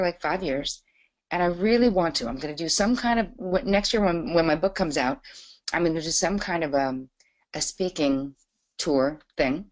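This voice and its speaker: A woman's voice: fairly low pitch, a little mellow. A middle-aged woman hosting a live online masterclass, chatty and bubbly as she greets viewers by name. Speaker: webinar host. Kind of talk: live webinar chat.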